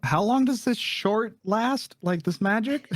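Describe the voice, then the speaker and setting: A woman's voice: medium pitch, takes it slowly, no room sound. A woman playing a tabletop game, talking playfully and laughing between lines. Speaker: player. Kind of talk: casual chat during a tabletop game.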